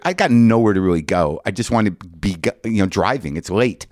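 A man's voice: lowish voice, brisk, few pauses, darkish tone, no echo, studio quality. An older man doing stand-up, telling a long story in a ranting, self-mocking way and acting out both sides of the conversation. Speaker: comedian.

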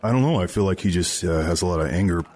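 A man's voice: low-pitched, expressive, fast, darkish tone. A man co-hosting an improvised comedy podcast, laid-back and earnest with a slightly nasal tone. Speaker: podcast co-host.

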